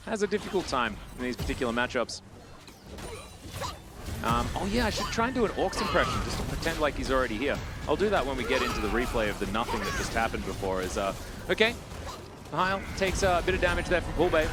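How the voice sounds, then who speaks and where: A male esports caster calls a match alone with a lively, swinging delivery that climbs loud and high on the big plays. Between fights he chats straight to the viewers. Game music plays clearly underneath. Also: fast. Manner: chatty, talks straight to chat viewers. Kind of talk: live play-by-play commentary.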